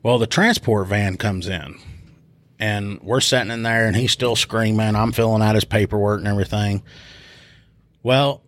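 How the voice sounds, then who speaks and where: A man spins a story from his police work in a relaxed podcast chat. His voice sits a little low and sounds dry and close to the mic. He swears casually and jumps up in pitch to act out the people in the story. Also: normal speed, no room sound. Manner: animated, acts out voices in quotes, swears freely. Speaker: police officer telling stories, podcast host.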